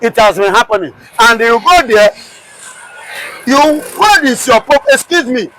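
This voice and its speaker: Fiery Nigerian man with high voice. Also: lively intonation, normal speed, sharp tone, a little hiss or hum, poor audio. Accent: Nigerian English. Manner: combative, repeats rhetorical questions. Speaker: commentator guest. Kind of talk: heated political commentary.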